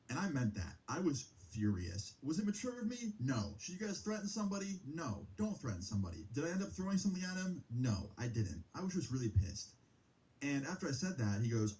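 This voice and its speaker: A man's voice: medium pitch, very animated, fairly quick, darkish tone, poor audio. A young man telling a personal story in a heated, casual way, swearing freely. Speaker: streamer.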